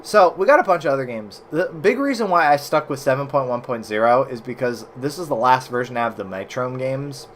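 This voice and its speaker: An American man casually commenting while playing old browser games for his stream chat, swearing and reacting loudly as he plays. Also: mid-range voice, lively intonation, brisk, few pauses, a little hiss or hum. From United States.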